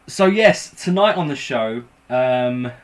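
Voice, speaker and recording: English man, live-stream host, rambling casual chat, self-deprecating jokes, mid-pitched voice. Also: animated, slow. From England. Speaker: host of a live paranormal show.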